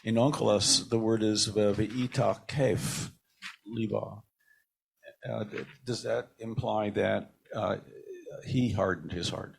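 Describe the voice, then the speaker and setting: A man in a study class asking a question about a translation, halting and repeating words as he goes. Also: lowish voice, steady tone, gravelly, husky. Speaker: class participant.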